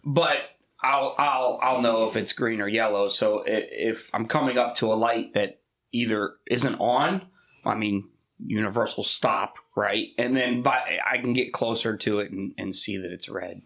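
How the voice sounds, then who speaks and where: A man co-hosting a casual podcast, telling profane, animated stories about driving and his daughter. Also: lowish voice, measured pace, vocal fry, echoey room. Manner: profane, animated storytelling with laughs. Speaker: podcast co-host. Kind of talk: casual chat.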